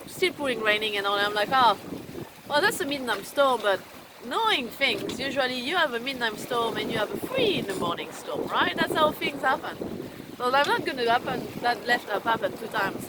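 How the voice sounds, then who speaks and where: A woman's voice: a little high, animated, fairly quick. A woman vlogger telling a casual, rambling story to camera while steering her sailing boat, swearing freely and laughing between phrases. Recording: wind noise on an open deck.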